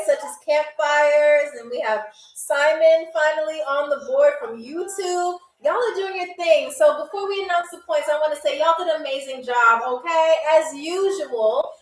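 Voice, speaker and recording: Picked up by a distant mic in a roomy space, a high-voiced woman hosts a live-stream game show with faint background music. She chats and teases while reading out viewers' comments.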